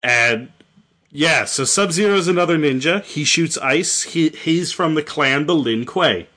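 A man's voice: on the high side, animated, unhurried, sharp tone. A man casually retelling a video game story, rambling and jokey with lots of fillers. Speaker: storyteller host.

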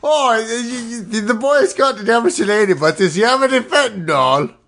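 A man's voice: extremely high pitch, lively intonation, moderate pace, fairly bright tone, voice pushed up, heavily acted. A man voicing an old Irish nun ghost in a put-on Irish accent, stammering. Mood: cranky.

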